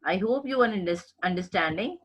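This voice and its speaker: A woman's voice: mid-range voice, animated, brisk, slightly rough, highs cut off. A woman giving a recorded English grammar lecture, explaining patiently and repeating points, often checking in with "okay?". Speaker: English teacher.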